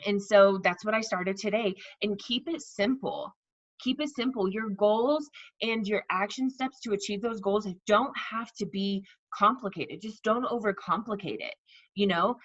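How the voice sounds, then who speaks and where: Casting note: woman leading a sales team, chatty coaching, middle pitch, slightly dull lo-fi sound. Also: steady tone, moderate pace. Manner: chatty, repeats herself, acts out sample messages. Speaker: network marketing team leader. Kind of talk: casual coaching talk to her team.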